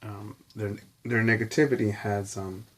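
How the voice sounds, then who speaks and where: An adult man vlogging in a rambling, profane, reflective monologue full of pauses and fillers. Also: lowish voice, level tone, heavy background noise.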